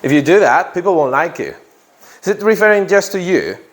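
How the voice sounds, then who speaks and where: A man's voice: high-pitched, sing-song, fairly quick, a little hiss or hum. A man teaching an English grammar lesson to a class, who repeats key phrases and often checks in with "yeah?".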